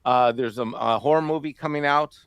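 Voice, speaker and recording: A man's voice: medium pitch, brisk, fairly bright tone, clear, resonant tone, no room sound. A man co-hosting a casual panel discussion, rambling with many fillers and laughing at times. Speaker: co-host.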